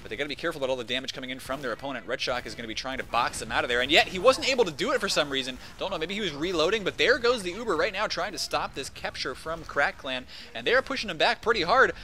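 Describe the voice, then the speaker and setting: A man shoutcasting a competitive video game match, excitable and casual, rambling between calls. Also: a little high, very fast, few pauses, a little hiss or hum. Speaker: esports shoutcaster. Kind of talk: play-by-play game commentary.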